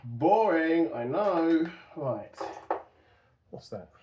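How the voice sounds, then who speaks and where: A man tinkers in his home garage and chats to the camera, his pitch swinging up and down as he mutters and jokes about himself. Clear noise fills the workshop around him, with dogs barking now and then. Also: animated, drawn-out words, dull audio. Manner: self-deprecating, chatty, talks to himself while working. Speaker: car restoration vlogger. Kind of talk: casual workshop chat to camera.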